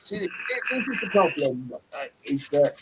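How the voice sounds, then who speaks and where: A man's voice: a little high, sing-song, unhurried, background noise. Rambling, effusive male stream host. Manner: rambling, effusive, heavy on fillers. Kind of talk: casual live-stream chat.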